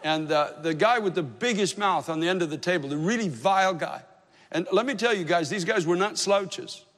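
Pastor guy preaching, high voice, long echo from a big church hall. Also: moderate pace, a bit bright. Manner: storytelling preacher, earnest and emphatic. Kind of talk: sermon.

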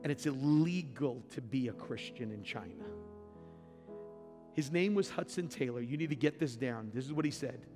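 A man's voice: medium pitch, animated, normal speed. A middle-aged male pastor preaching a sermon, building to emphatic, repeated lines. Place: church sanctuary. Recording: long hall reverb with faint music.

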